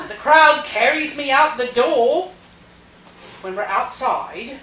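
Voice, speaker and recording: Actress as a gossipy common woman, high and sing-song, slow-spoken; echoey table-read room. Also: full character voice. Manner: animated storyteller, acts out shouts. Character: chatty lower-class woman, lively gossip. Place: theatre room. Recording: echoey room, mic far off, faint noise.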